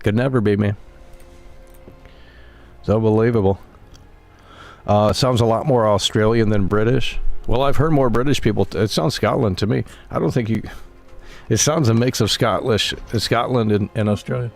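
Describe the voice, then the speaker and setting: A man's voice: on the low side, moderate pace, vocal fry, long pauses, soft background music. A young man ranting at his live-stream chat, swearing often and repeating himself. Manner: ranting, profane, repetitive.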